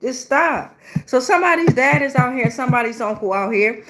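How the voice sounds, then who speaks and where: A woman's voice: a little high, expressive, fast talker, fairly bright tone. Profane, fired-up woman tarot reader. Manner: blunt, profane, emotional, slangy. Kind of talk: casual tarot reading.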